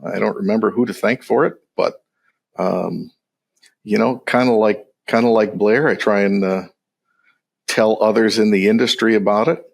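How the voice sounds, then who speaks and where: A man from West Michigan, a trade compliance guest, talking casually and hesitantly with many pauses. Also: on the low side, vocal fry, slightly rough. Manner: relaxed, hesitant with many uhs. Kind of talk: casual chat.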